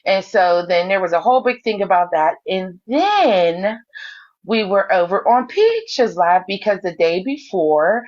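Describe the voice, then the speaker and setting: Lively gossiping woman, lo-fi sound. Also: measured pace. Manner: animated storyteller who jumps up in pitch to act out quotes. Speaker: live-stream gossip host. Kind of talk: casual gossip recap.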